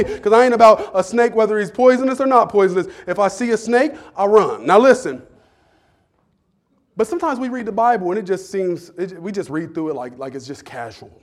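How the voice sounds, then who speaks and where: A man's voice: high voice, fairly quick. A man preaching a sermon in a church, talking to the congregation in a humorous, conversational way that builds into fervor. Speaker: pastor.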